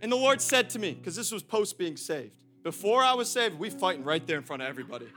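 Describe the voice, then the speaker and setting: A young man preaching a sermon to his congregation, lively and direct, swinging from loud calls to quiet storytelling and laughing often. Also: high-pitched, fast talker, faint music behind. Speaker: pastor.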